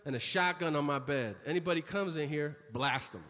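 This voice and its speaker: Brief: male comedian doing a shady, offhand trailer dealer, fairly high voice, echoey hall with noise. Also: a little fast, a bit bright, natural voice. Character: sketchy adult male weed dealer in a trailer. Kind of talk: stand-up act-out. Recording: reverberant hall, background noise.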